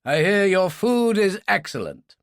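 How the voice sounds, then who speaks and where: A man's voice: high-pitched, very animated, unhurried, dry recording, clean studio sound, voice pushed up, exaggerated voice. A man voicing a genial, courtly older brigadier in an audiobook.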